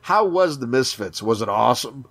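A man's voice: mid-range voice, animated, normal speed, fairly bright tone. A man co-hosting a podcast in casual chat, with a Chicago accent, cursing a lot, gushing and often repeating words. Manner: profane, enthusiastic, repeats words. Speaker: podcast co-host.

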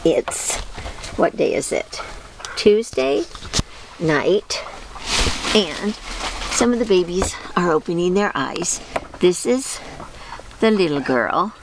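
A woman's voice: on the low side, lively intonation, slow pace, long pauses, noisy background. A woman narrating a casual home video, filmed with a handheld camera, talking doting baby talk to puppies. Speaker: dog owner filming her litter.

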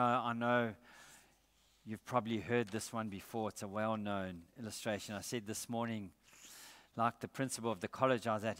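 Bright-voiced pastor preaching. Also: male voice, mid-range voice. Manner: earnest, emphatic preaching. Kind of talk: sermon. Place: church. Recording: echoey church hall.

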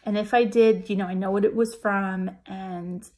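A woman's voice: mid-range voice, steady tone, normal speed, darkish tone. A woman vlogger telling a personal story to camera in a chatty, emotional way, full of fillers and restarts. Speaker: vlogger sharing a weight-loss weigh-in.

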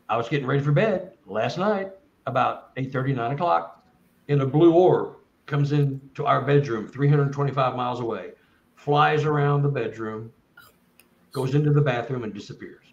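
A man's voice: medium pitch, normal speed, reverberant, highs cut off. A man, a guest speaker, telling a long first-person story in an earnest, rambling way with many restarts.

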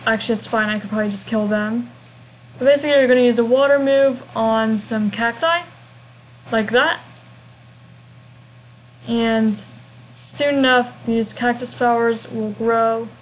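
A young woman talks through a game walkthrough in a loose, rambling way, tossing in hums and asides. Her voice sits a bit high. Faint background hiss sits under the recording. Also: poor audio. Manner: chatty and rambling, with humming fillers. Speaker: gameplay walkthrough narrator. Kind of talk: casual game walkthrough narration.

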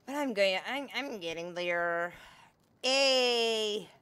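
Bright-voiced woman chatting through gameplay. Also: medium pitch, expressive, slow pace, clear, resonant tone. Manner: chatty, exclamatory, talks to the game character, swears freely. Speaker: gaming streamer. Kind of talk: casual gameplay commentary.

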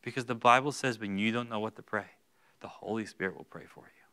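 A male pastor preaching a sermon in a church, going from hushed, slow lines to loud, high-pitched bursts. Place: church sanctuary.

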